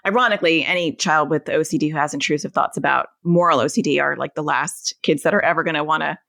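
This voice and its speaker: A woman speaks low, with a gravelly, creaky texture. She is a therapist guest on a podcast, explaining ideas through everyday examples. The recording is dry and close, with no room sound. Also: fairly bright tone, no room sound. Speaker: anxiety and OCD therapist, guest.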